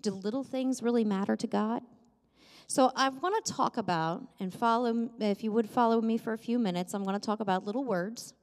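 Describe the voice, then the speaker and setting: In a church sanctuary, a woman with a fairly high, darkish-toned voice preaches a sermon at a brisk pace. Her style is conversational and self-deprecating, with touches of humor, and the hall's long reverb carries her words.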